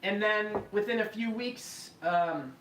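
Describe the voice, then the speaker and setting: A man hosting a podcast, telling a story casually with lots of swearing and animated acted-out quotes. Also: high voice, slow. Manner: profane, animated, acts out quoted voices. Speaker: podcast host. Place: live podcast room. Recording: echoey room, mic far off, faint noise.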